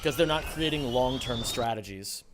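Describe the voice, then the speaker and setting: A man's voice: mid-range voice, moderate pace, background noise. A man streaming a speedrun, chatting casually, joking around and swearing at himself. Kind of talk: casual livestream commentary. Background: music playing.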